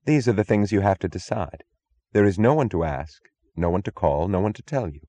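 A man's voice: deep voice, animated, dark tone. A man voicing a cool, commanding woman. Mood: cold, commanding. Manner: level, firm and unhurried.

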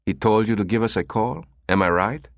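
A man's voice: fairly low pitch, a little fast, no echo, clean studio sound, pitched above the performer's own voice, close to an everyday voice. A man putting on a gushing Spanish salesman. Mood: wheedling. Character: smooth-talking Spanish escort-service owner, a pushy salesman.

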